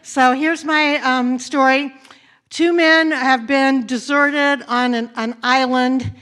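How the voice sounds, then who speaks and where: A woman senior minister welcoming her congregation and then guiding them through a slow, soft meditative prayer in a church sanctuary. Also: sits high, fairly even intonation, smooth.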